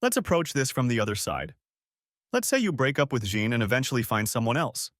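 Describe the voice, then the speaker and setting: Man voicing calm, deep-voiced pipe-smoking friend. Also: no room sound, studio quality. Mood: probing. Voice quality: deep bass. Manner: calm, measured, non-judgmental. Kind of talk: audiobook character reading.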